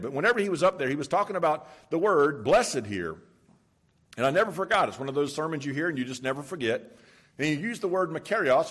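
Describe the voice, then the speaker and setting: A man preaching a sermon in a conversational, storytelling way, stressing points by repeating them. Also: a little high. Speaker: pastor.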